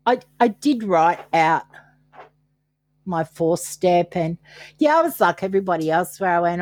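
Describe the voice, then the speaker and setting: Candid older woman, low and dry. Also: expressive, normal speed, darkish tone, dry recording. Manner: candid, self-mocking, quotes her past self. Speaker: guest. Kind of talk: personal storytelling in a podcast interview.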